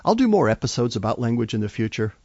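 A man's voice: medium pitch, sing-song, quick pace, darkish tone, no echo. A man hosting a podcast, telling stories in scripted narration with a wry storyteller's timing and punchlines that he stresses. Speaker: podcast host. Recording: dry, slightly dull lo-fi recording.

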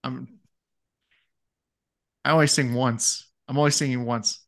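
A man's voice: mid-range voice, steady tone, unhurried. A man co-hosting a casual fantasy football podcast, easygoing and self-deprecating as he reads through draft picks. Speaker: podcast co-host.

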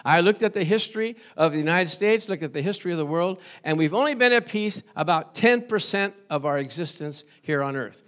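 A man's voice: high voice, expressive, brisk, hardly any pauses, fairly bright tone. A middle-aged male pastor preaching a sermon in a folksy, joking way, often asking the congregation for an amen.

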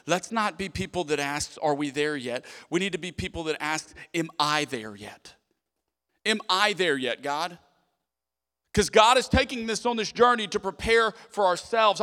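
A man, preaching a lively conversational sermon as pastor, often checking in with the congregation. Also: high voice, big-room sound. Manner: animated, conversational preaching with frequent "okay?" asides.

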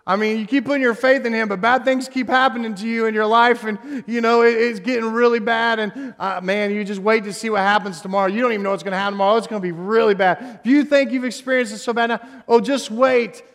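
Man putting on Satan, spiteful taunting devil, loud and mocking, high-pitched, long hall reverb. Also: steady tone, quick pace, hardly any pauses.

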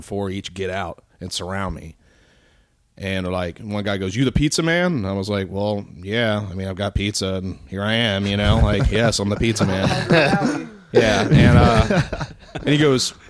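Low-voiced man telling a rambling story. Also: dry recording, studio quality. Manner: profane, rambling, mimics people in his stories. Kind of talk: casual storytelling.

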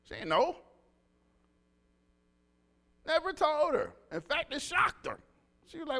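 Animated high-pitched preacher man. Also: brisk. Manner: animated, call-and-response with congregation. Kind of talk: lively sermon with storytelling.

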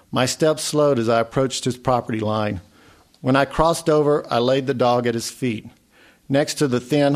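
A man reading a literary memoir story aloud in a measured way. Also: mid-range voice. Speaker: narrator.

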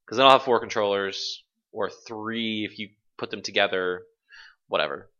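A man's voice: lowish voice, moderate pace, bright, forceful tone, lo-fi sound. A man hosting a casual games podcast, talking loosely, swearing and laughing often. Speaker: podcast host. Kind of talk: casual chat.

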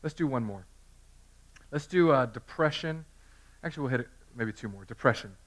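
A man's voice: medium pitch, expressive, a little fast. A man in his thirties preaching a sermon in a conversational, self-deprecating way, telling personal stories. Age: 30s. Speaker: pastor.

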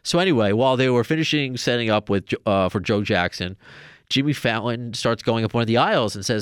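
A man's voice: on the low side, expressive, a little fast, clean tone, no room sound, studio quality. A man hosting a podcast, telling a long story in a casual, rambling way with many restarts. Now and then he raises his voice to act out what others said. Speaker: podcast host.

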